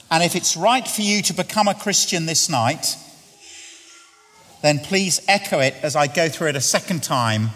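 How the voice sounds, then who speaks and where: A man preaching a sermon in a church, telling humorous stories and then slowing down to lead an earnest prayer. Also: on the high side, a bit bright. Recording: echoey church hall with long reverb.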